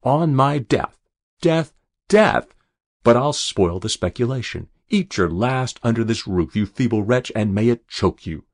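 A man's voice: fairly low pitch, animated, normal speed, few pauses, a little mellow, no room sound, clean studio sound. A man voicing a bitter, raging old miser uncle in an audiobook, scornful and snarling. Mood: furious. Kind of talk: audiobook character voice.

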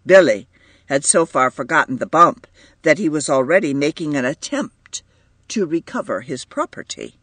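A man reading a story aloud as narrator, measured and expressive. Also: fairly high pitch, dry recording. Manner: measured, lively intonation. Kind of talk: audiobook reading.

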